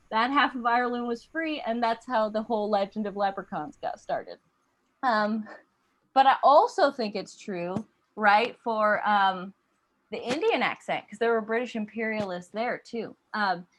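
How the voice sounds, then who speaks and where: A young woman doing a stand-up comedy set, animated and slipping into accent impressions. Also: on the high side.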